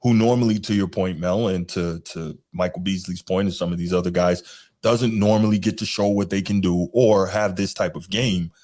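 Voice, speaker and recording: Deep-voiced man hosting with hesitant fillers. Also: fairly even intonation, moderate pace, darkish tone. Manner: hesitant, lots of "you know" and restarts. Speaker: podcast host. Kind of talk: casual chat.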